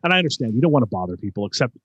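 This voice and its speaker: A man's voice: mid-range voice, very animated, very fast, breathy edge, no echo, highs cut off. A man co-hosting a podcast, talking in a loose, rambling way full of fillers and good-natured ribbing. His voice sits in a middle register. It is recorded close and dry, with no room sound around it. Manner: chatty, teasing, lots of fillers. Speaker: podcast co-host. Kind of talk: casual podcast chat.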